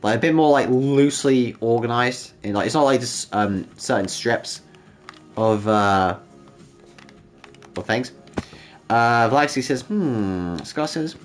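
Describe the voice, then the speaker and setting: A man's voice: medium pitch, expressive, measured pace, long pauses, faint music behind. A man hosting a casual livestream, bantering and joking with chat, with frequent restarts. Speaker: livestream host.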